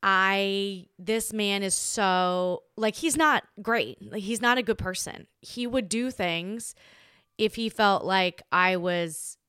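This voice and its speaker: Chatty woman telling a story, smooth voice. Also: medium pitch, slow, no room sound, studio quality. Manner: chatty, animated, acts out quoted voices. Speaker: podcast host. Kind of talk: casual storytelling monologue.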